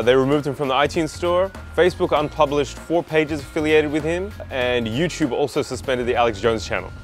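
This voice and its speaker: A man co-hosting a casual comedic news chat, playful and teasing. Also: mid-range voice. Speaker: co-host.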